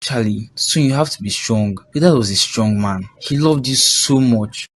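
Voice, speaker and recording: An actor playing a calm, reassuring doctor. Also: male voice, medium pitch, moderate pace, husky, no echo, natural voice. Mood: somber. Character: calm middle-aged male doctor.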